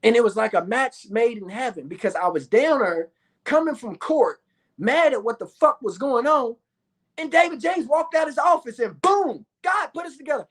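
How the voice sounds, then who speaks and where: A man with a Louisville, Kentucky accent telling his own story in a profane, excitable monologue, acting out the other people's voices. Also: extremely high pitch, moderate pace.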